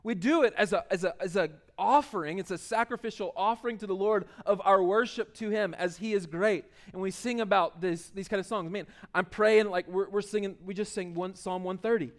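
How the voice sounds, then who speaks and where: A pastor with a high-sitting voice preaches a sermon conversationally, with restarts and emphatic swells. He slows down when reading scripture aloud.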